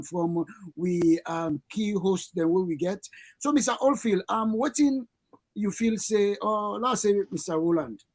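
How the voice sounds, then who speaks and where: A radio host with a Sierra Leonean Krio accent, asking halting questions full of hesitations. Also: medium pitch. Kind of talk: radio interview.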